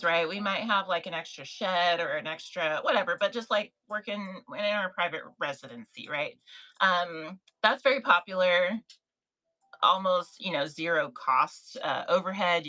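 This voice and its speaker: Brief: young woman, livestream host, bright forward tone, lowish pitch, chatty and encouraging. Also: low-quality recording. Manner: chatty, encouraging, reads chat names aloud. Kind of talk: casual live chat.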